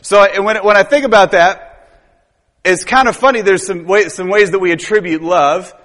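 A pastor preaches in a loose, rambling style, leaning on tag questions and quick chuckles. His voice sits high for a man. A long reverb tail from the church hall trails each phrase. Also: a bit bright. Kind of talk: sermon.

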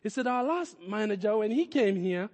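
A man's voice: high voice, lively intonation, moderate pace, darkish tone, in a large hall. A man preaching a sermon as a pastor, speaking in emphatic, repeated declarations.

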